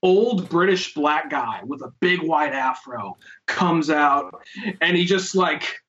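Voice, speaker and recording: A man's voice: fairly high pitch, takes it slowly, a bit bright, dull audio. A man hosting a podcast, telling rambling, profane stories in casual chat. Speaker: podcast host.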